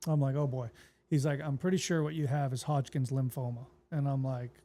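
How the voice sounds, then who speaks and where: A man, a pastor, telling his own story in a relaxed, plainspoken way on an interview podcast and acting out what people said to him. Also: mid-range voice, a little fast. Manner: relaxed, plainspoken retelling that acts out quoted dialogue.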